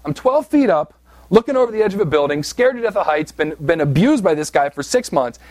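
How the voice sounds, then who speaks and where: A man's voice: a little high, very animated, fairly quick, darkish tone, no room sound. A man from southeast Pennsylvania preaching a sermon, telling a personal story in a conversational, self-deprecating way with frequent "right?" asides. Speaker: pastor.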